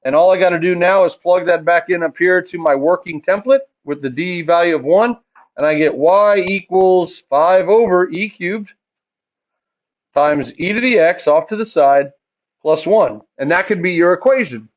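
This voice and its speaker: A man's voice: high voice, moderate pace, dull audio. A man teaching a math class, chatty and joking, asking his students questions and answering them himself.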